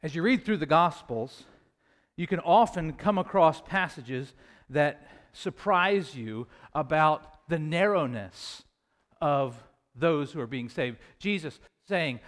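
A man as pastor preaching a sermon in a church, earnest, swelling louder when he quotes scripture. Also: fairly high pitch, lively intonation, a little slow.

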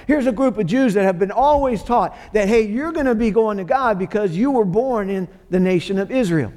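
A man with a high voice preaches to his congregation. He talks earnestly and repeats key phrases for weight. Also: fairly quick, few pauses, darkish tone. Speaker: pastor. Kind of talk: sermon.

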